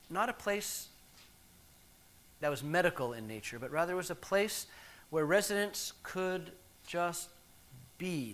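Bright-voiced reflective male pastor. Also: a little high. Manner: reflective, measured, with pauses. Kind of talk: sermon.

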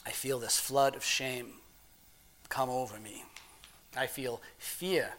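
A man performing a dramatic monologue as a plain-spoken married working man, talking in rough everyday grammar with halting restarts, dropping to a hushed murmur and rising to loud, excited telling. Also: mid-range voice, a little hiss or hum. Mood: ashamed, hushed. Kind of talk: dramatic first-person monologue.

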